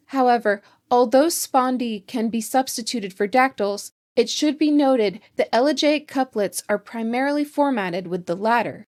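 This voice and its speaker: A woman hosting a language channel, reading a scripted lesson in a measured, precise way. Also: on the high side. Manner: measured, precise explanatory delivery. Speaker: etymology channel host. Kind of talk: scripted educational narration.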